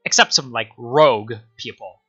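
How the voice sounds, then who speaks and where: On a live stream, a man rambles sardonically about history, filling his talk with lots of filler words. His medium-pitched voice is sharp and very bright with a breathy edge, and he speaks at a normal speed. The sound is dull and lo-fi, with faint music in the background.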